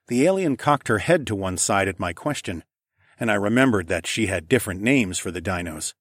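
A man reading a first-person story as an audiobook, relaxed storytelling with casual asides. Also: lowish voice, brisk, dry recording, studio quality. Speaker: audiobook narrator.

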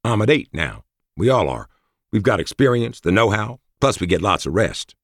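A man's voice: lowish voice, big pitch swings, normal speed, dry recording, studio quality, voice pushed up. A man reading an audiobook and voicing a talkative, plain-spoken veteran male warrior. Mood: matter-of-fact. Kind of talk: audiobook character voice.

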